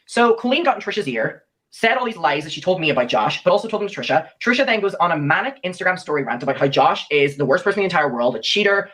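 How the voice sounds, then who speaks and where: A man's voice: high-pitched, expressive, fast talker, few pauses, a bit bright. A young man recounting a personal story in a played clip, animatedly acting out the lines of the people he quotes.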